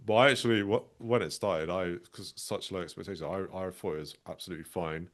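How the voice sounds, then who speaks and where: A man's voice: deep voice, a bit bright. A man in a casual film chat, chatty and a bit apologetic. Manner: apologetic, chatty, quick asides.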